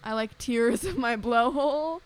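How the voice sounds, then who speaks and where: Brief: female co-host, high register, chatty and rambling, with faint background hiss. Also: unhurried, poor audio. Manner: rambling, giggly. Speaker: podcast co-host. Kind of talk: casual chat over a video call. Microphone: own mic on a video call.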